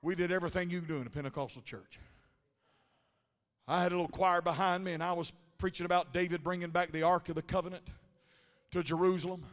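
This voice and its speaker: A man preaching a Pentecostal sermon in a church, telling stories in a quick, rhythmic cadence and building up to shouted, chanted lines. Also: sits high, steady tone. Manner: punctuates lines with a breathy "huh". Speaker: pastor. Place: large church sanctuary. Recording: live sermon with long hall reverb.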